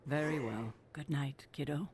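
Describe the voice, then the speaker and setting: An actress playing a wise older mentor, speaking thoughtfully and with care for the hero. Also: female voice, deep voice, moderate pace, background noise, natural voice. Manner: warm-hearted, thoughtful.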